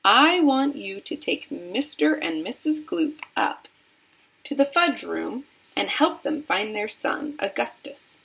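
A woman reading aloud voices an eccentric, brisk male chocolate factory owner who gives commands. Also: medium pitch, big pitch swings, vocal fry, fairly bright tone, husky, heavily acted. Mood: instructing.

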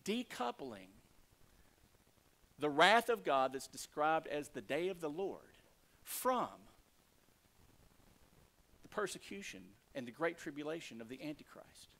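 A man, the lead pastor, preaching a sermon with emphatic rises and soft asides. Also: on the high side, lively intonation, a little slow, pauses often. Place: church sanctuary.

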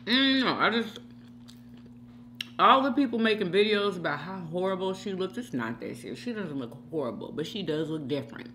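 A middle-aged woman gossips in an easy, chatty way while she eats, talking right to her viewers as y'all and girl. Her voice is bright and forward, and her pitch jumps around a lot. A faint hum sits behind her. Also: expressive, normal speed. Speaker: mukbang vlogger. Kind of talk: casual gossip chat while eating.

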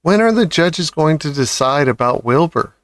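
A man voicing a middle-aged farm wife who speaks slowly in a storybook reading. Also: a little high, expressive, no room sound, natural voice. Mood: fretful.

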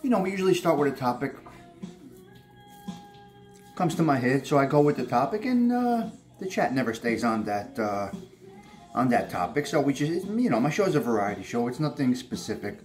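A man's voice: mid-range voice, very animated, normal speed, long pauses, a little mellow, soft background music. A man hosting a casual morning coffee vlog, chatty and rambling with fillers. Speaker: host of a morning coffee show.

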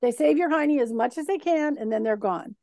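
A woman guest in an interview talks about spirit guides, chatting casually as an animated storyteller who acts out little voices. Her high voice moves a little fast, in studio-quality sound with no room echo.

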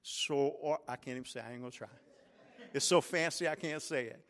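A man's voice: medium pitch, a little fast, a bit bright, big-room sound. A man, a pastor, preaching a sermon with call-and-response and swelling emphatic peaks. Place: large church sanctuary.

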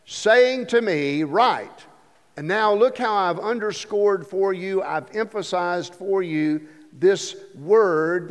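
Pastor giving a Sunday sermon, high male voice, church hall echo, leans slowly on scripture lines. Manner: slows down and stresses scripture quotes. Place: church sanctuary. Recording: long reverb of a church hall.

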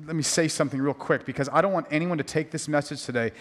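A man's voice: a little high, fast, big-room sound. A man preaching a sermon as pastor, emphatic and repetitive, with jokey asides.

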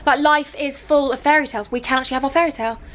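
A woman's voice: high-pitched, fairly even intonation, racing, a bit bright, slight background noise. A young woman in her twenties, vlogging from a bridal shop in a gushing, emotional way. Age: 20s. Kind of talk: excited chatty vlog.

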